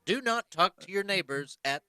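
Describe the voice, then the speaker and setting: A man co-hosting a comedy podcast, chiming in with quick, wry remarks in casual chat. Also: sits high, expressive, sharp tone, clear, resonant tone, no room sound, studio quality. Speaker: podcast co-host.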